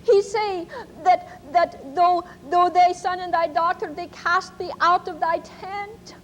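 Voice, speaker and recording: A woman's voice: very high voice, fairly even intonation, slow, long reverb tail, slight background noise, voice pushed up. A woman voicing a tearful elderly German pensioner who speaks broken English with a German accent. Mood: tearful, grateful.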